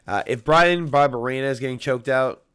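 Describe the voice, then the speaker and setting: A man giving casual MMA fight predictions in a brash, rambling, emphatic way. He swears heavily, and his voice is getting hoarse. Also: mid-range voice, fairly quick, fairly bright tone.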